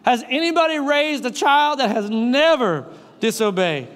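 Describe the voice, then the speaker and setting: A man with a very high speaking voice preaches a sermon, firing questions at the congregation and repeating his key lines. His words carry a long reverb from a large hall. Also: animated, a little slow, a bit bright. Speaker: pastor.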